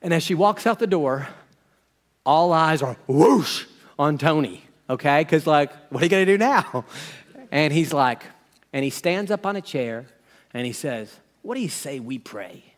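A man, a pastor, telling a story in a sermon with animated, folksy asides. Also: on the high side, unhurried, big-room sound.

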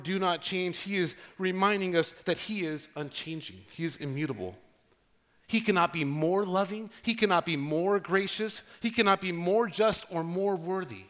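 Pastor guy giving a sermon, kinda high voice, talky and earnest. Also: fairly bright tone. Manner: earnest, conversational preaching with dramatic pauses.

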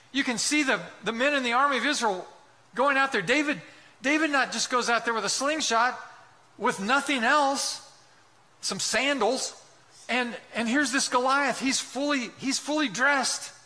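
A man delivers an impassioned sermon in a high, piercing voice. His tone is forceful and tense, and he presses one rhetorical question after another while now and then acting out voices from the story. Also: unhurried. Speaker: pastor.

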